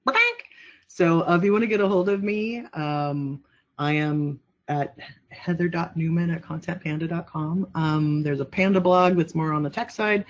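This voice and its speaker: A woman's voice: fairly low pitch, moderate pace, highs cut off. A woman giving a casual webinar presentation and answering questions, chatty and rambling, with lots of fillers.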